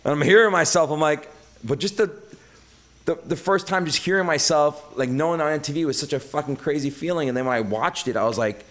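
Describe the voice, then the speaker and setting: A middle-aged man, his voice a little high and brisk, shares stories as a podcast guest. He hails from Brooklyn, New York, and his casual chat is profane and animated, full of acted-out voices of other people.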